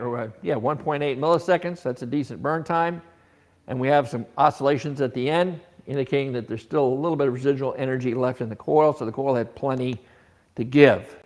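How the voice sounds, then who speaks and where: A man teaching an automotive technical seminar, explaining scope patterns with rhetorical questions and frequent restarts. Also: medium pitch.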